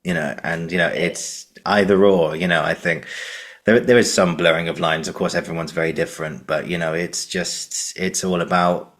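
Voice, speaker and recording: A man's voice: deep voice, steady tone, normal speed, a bit bright. A British man hosting a podcast interview, talking in a rambling way with lots of restarts and "you know". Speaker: podcast host. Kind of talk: casual interview chat.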